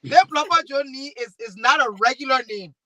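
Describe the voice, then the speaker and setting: Speaking fairly quickly in a high-sitting voice, this panelist and talk show host from Liberia tells lively stories during a panel discussion. She has a Liberian accent and acts out the dialogue herself.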